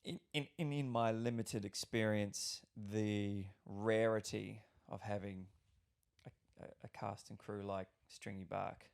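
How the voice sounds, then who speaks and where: A young Australian actor talking casually on a podcast, rambling and swearing freely with lots of restarts. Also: male voice, fairly low pitch, steady tone, slow, vocal fry.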